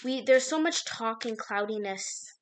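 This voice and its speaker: A woman's voice: on the high side, measured pace. A woman doing an intuitive card reading to the viewer, in a meandering way full of fillers, often losing her thread and restarting. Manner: meandering, filler-heavy, self-interrupting.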